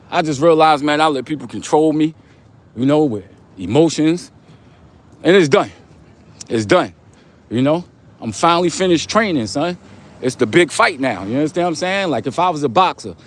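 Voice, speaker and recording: A man's voice: fairly high pitch, lively intonation, moderate pace. Streetwise New man on a livestream. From Long Island, New York. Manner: streetwise slang, repeats his points, motivational. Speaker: livestream host. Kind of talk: casual livestream talk.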